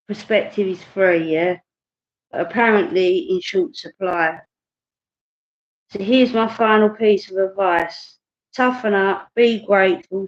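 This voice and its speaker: A woman hosting a livestream, ranting bluntly and chatting to viewers, sometimes dropping into mutters. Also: medium pitch. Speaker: livestream host. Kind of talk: ranting live stream. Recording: dull lo-fi sound.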